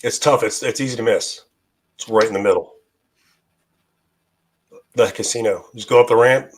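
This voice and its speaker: A man, a guest in a casual chat, whose voice is going hoarse and who rambles with many fillers and restarts. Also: medium pitch, normal speed, a little hiss or hum. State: losing his voice.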